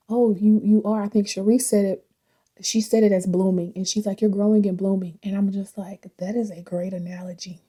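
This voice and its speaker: A woman's voice: mid-range voice, level tone, a little fast, dark tone, slightly rough. A woman chatting casually and reflectively as a vlogger while driving, laughing often. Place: in a car.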